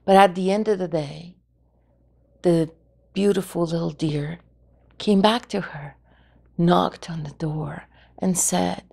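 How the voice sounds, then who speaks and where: A woman storyteller telling a folk tale in a gentle, expressive way. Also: fairly low pitch, measured pace, gravelly, long pauses.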